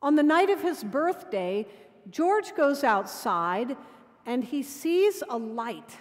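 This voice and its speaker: A woman dean preaching a sermon in measured storytelling, sometimes dropping to quiet intimacy. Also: sits high, sing-song. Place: cathedral. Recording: long cathedral reverb.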